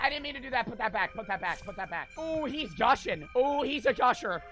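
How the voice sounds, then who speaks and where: A young man streaming a surgery game, yelling and swearing in frantic outbursts. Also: extremely high pitch, very animated, brisk, loud music behind the voice. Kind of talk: live gameplay commentary.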